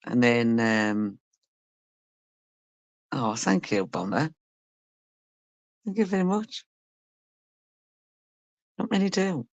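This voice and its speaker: A woman on a live stream, talking slowly and easily as she reads out chat comments. She teases and jokes with viewers, laughing often and swearing freely. Her voice sounds close and dry, with no room sound around it. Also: rumbling low, expressive, dry recording, dull audio. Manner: teasing banter, frequent laughter and swearing. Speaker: livestreamer reading chat. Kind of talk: casual chat with a live audience.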